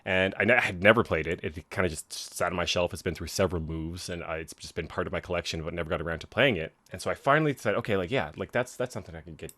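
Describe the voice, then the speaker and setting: A young man co-hosting a video game podcast chats casually, rambling along with many fillers and restarts. His voice sits low and a bit bright, and he talks fast with hardly any pauses.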